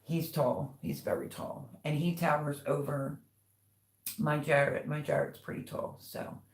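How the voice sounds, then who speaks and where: A woman's voice: low-pitched, level tone, a little slow, vocal fry, echoey room. An older woman hosting a live stream, telling rambling family stories and reading out viewers' comments in casual chat. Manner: chatty, rambling storytelling. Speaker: livestream host.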